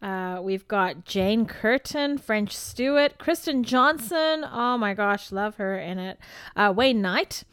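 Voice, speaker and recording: A woman's voice: mid-range voice, animated, slow pace, fairly bright tone, smooth, dry recording, studio quality. A woman co-hosting a podcast, chatting casually and laughing as she retells things. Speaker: podcast co-host. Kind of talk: casual chat.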